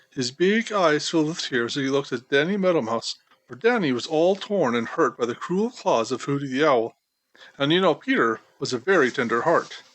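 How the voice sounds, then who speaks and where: A man narrating a children's audiobook in an expressive storytelling manner. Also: fairly high pitch. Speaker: audiobook reader.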